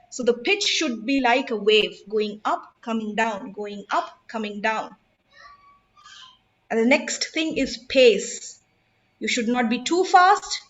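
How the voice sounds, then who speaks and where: A woman's voice: high-pitched, fairly bright tone, highs cut off. A woman, teaching public speaking in an emphatic, instructive way and putting questions to her audience. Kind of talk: online workshop talk.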